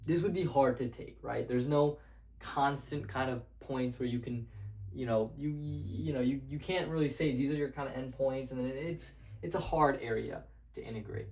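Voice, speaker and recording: A young man explains math at a whiteboard in a casual, meandering way, stopping and restarting his sentences. His voice sits at a middling pitch. The room around him rings with noticeable echo. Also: normal speed, darkish tone. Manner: loose and rambling, with many fillers and restarts. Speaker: math tutor. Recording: echoey room.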